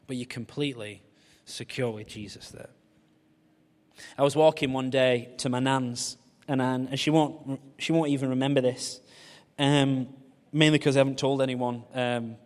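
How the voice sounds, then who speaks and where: A man's voice: mid-range voice, a little slow, long pauses. A man, preaching a humorous, story-led sermon. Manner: humorous storytelling, animated voices for quoted people. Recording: long reverb of a large hall.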